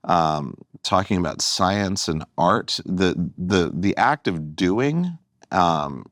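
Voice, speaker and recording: A man's voice: deep voice, animated, takes it slowly, a bit bright, dry recording, studio quality. A man, a comedian guest on a podcast, talking casually and earnestly, often restarting and trailing off mid-phrase.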